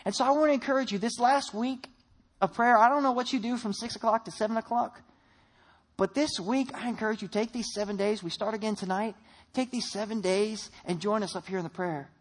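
A man's voice: high-pitched, fairly quick. A man, a pastor with a young child, preaching a sermon and telling a family story, voice rising on emphatic lines.

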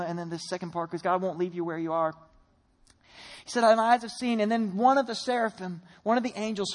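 A man, a pastor with a young child, preaching a sermon and telling a family story, voice rising on emphatic lines. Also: sits high.

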